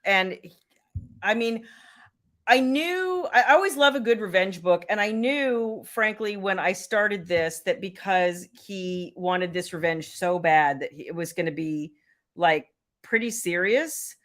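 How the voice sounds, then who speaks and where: A woman's voice: medium pitch, a little slow, a bit bright. A woman, chatting casually and laughing as host of a livestream. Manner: chatty, laughing, Southern "y'all". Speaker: romance author and livestream host.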